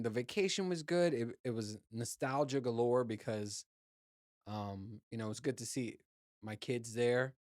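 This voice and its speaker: A man's voice: medium pitch, no echo, studio quality. A man hosting a podcast, telling a rambling, profane story in a casual chat with his listeners and laughing at himself. He grew up in Puerto Rico. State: ears still clogged after diving. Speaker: podcast host.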